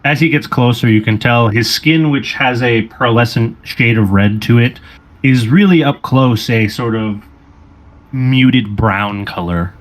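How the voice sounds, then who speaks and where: A man runs a tabletop game, narrating in a steady, descriptive way. His voice sits in an ordinary middle pitch. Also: unhurried. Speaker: game master.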